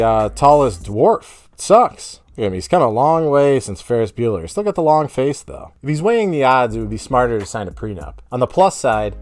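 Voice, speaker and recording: Man, comedy commentary host, sarcastic, joking asides, mid-pitched voice, faint music behind. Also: a little mellow.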